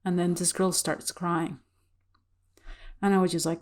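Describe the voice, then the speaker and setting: A woman's voice: fairly low pitch, flat delivery, unhurried. A woman vlogger casually telling a personal spiritual story to the camera, candid and chatty, with frequent fillers and laughs.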